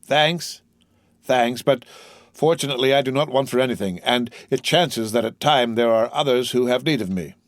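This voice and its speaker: A man's voice: medium pitch, normal speed, no echo, studio quality, close to an everyday voice. A man voicing a jovial, fawning young male tailor who talks with brash, overfamiliar cheer in an audiobook. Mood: hearty, ingratiating. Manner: grinning, overly familiar, brash.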